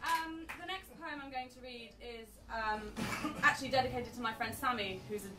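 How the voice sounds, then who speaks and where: A young woman reads her poems to a live crowd, introducing each with wry, self-deprecating banter. Her voice sits a little high and carries the reverb of an echoey venue. She is picked up from a distance, with steady background noise in the room. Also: normal speed. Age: young adult. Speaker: poet. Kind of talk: live spoken word performance.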